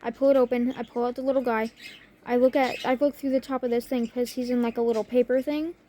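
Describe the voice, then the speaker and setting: A young woman telling a story to her camera in a casual, excitable way, gasping and laughing as she goes. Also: a little high, fast, a little hiss or hum. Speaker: vlogger.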